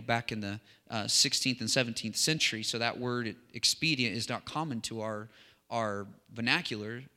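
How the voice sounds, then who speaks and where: A man preaching a sermon as a pastor, talking with rising animated excitement. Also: medium pitch. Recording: long hall reverb.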